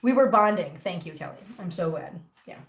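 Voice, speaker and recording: A woman's voice: lowish voice, animated, brisk. A middle-aged woman hosting a casual livestream chat about her cats, teasing and reading viewer comments aloud. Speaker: cat channel host. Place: home room. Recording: echoey room.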